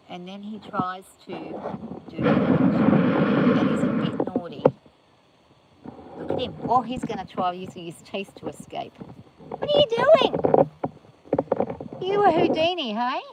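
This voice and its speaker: On a very noisy recording, a woman with a medium-pitched voice and vocal fry chats away on a casual livestream. She's older and broadcasting outdoors from her farm, rambling to viewers and teasingly telling off her animals.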